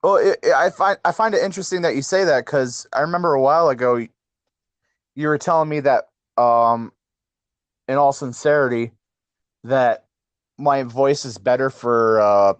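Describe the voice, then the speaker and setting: A man's voice: mid-range voice, normal speed, dry recording. A man co-hosting a casual chat podcast. He rambles, mocks himself and laughs easily. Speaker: podcast co-host.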